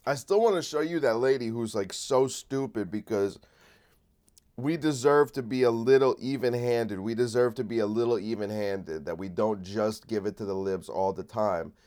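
A man with a cold hosts a solo comedy podcast, rambling through a sardonic, swearing rant. His voice is lowish and somewhat dark, at a moderate pace.

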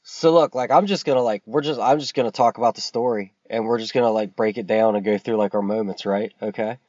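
A man's voice: fairly low pitch, steady tone, quick pace, darkish tone, dry recording, muffled recording. A man recapping a movie in casual podcast chat, rambling and swearing, with lots of fillers. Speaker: podcast co-host.

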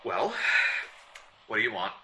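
Nervous mystery writer guy, stammers and demands answers, pitch jumps all over, really bright voice. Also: big pitch swings, unhurried, a little hiss or hum, heavily acted, rough recording. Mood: flustered. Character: flustered adult male mystery writer. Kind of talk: old-time radio drama acting.

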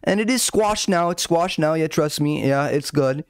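A man's voice: on the high side, normal speed, clear, resonant tone, no room sound, clean studio sound, pitched above the performer's own voice, natural voice. A man doing a mocking impression of a young woman who breezily insists a quarrel is settled. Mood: dismissive.

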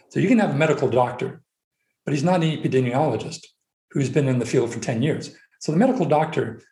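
A man of middling pitch explains his view as a podcast guest, building it up point by point. His voice carries a noticeable room echo. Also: mellow. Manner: methodical, lays out points step by step. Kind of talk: explanatory conversation. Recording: roomy echo.

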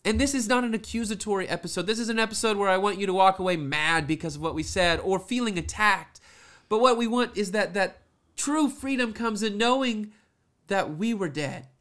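A man with a high, bright-pitched voice co-hosts a casual faith podcast. He talks in an animated way, tosses in quick jokes and laughs often. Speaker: podcast co-host.

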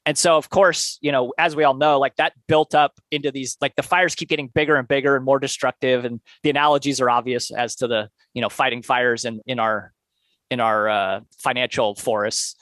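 A man's voice: medium pitch, steady tone, fairly quick, a bit bright, no room sound. A man co-hosting a podcast, casually summarizing a book in a loose conversational way, with many filler words. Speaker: podcast co-host.

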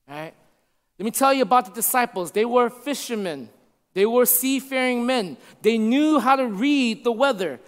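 Man, preacher, high voice, conversational sermon, hushed emphasis, long hall echo. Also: expressive, normal speed. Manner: conversational preaching with checks like "right?"; shifts from loud to hushed for emphasis.

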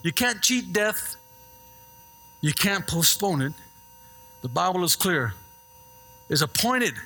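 A middle-aged man preaching a sermon as a pastor, telling stories with lively asides and checking in with the congregation. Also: high-pitched, slow pace, slightly rough. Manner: animated storytelling with call-and-response asides.

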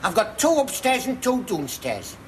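Chirpy rambling Geordie dustman, a touch high, noisy TV audio. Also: sing-song, normal speed. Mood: boastful. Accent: Northeast English (Geordie). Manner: rambling, chirpy, broad dialect. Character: eccentric chatty male Geordie dustman.

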